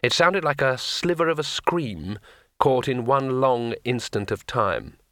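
A man's voice: mid-range voice, unhurried, sharp tone, no room sound. A man narrating an audiobook in a dry, wry storytelling manner.

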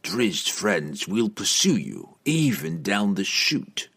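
A man voicing a grim, cunning male assassin in an audiobook, speaking in a low, measured way. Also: very animated, fairly bright tone, full character voice.

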